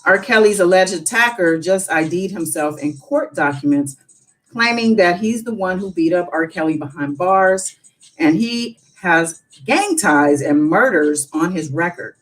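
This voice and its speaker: A woman's voice: on the low side, lively intonation, a little slow, poor audio. Chatty woman hosting a late-night live stream. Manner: chatty, musing, reads news aloud with asides. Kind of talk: casual live-stream commentary.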